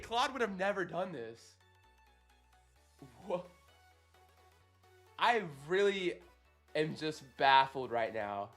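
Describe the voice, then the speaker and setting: A man streaming live as he works, excitable and swearing, exclaiming in disbelief between quick technical explanations. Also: a little high, faint music behind. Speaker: automation agency founder streaming live. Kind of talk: live-stream coding reaction.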